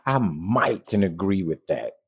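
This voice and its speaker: A man's voice: deep voice, expressive, a little slow, vocal fry, husky. A man hosting a podcast and talking through a reaction in a casual way, blunt and frank, sometimes swearing, and repeating himself when he is puzzled. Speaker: podcast host.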